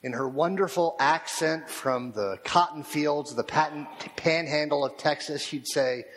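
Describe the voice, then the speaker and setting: Unhurried male pastor in an echoing hall. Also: fairly high pitch, fairly bright tone. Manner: slow, measured, reflective, repeated rhetorical questions. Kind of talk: sermon. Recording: long reverb of a large hall.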